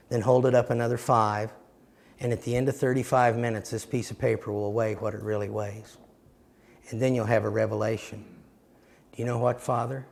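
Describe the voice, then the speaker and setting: A man's voice: mid-range voice, creaky, darkish tone. A man teaching a sermon-style seminar, telling earnest stories that act out little scenes. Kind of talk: teaching sermon with personal illustrations.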